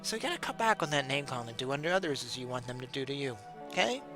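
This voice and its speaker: A man's voice: mid-range voice, very animated, racing. Chatty middle-aged man with music behind. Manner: conversational, rhetorical questions, chuckles. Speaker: political commentary host. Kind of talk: casual direct-to-camera monologue.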